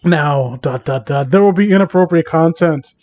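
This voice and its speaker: A man's voice: on the high side, moderate pace, no echo. A man reading fan fiction aloud for comedy, with incredulous asides, on a dull lo-fi recording.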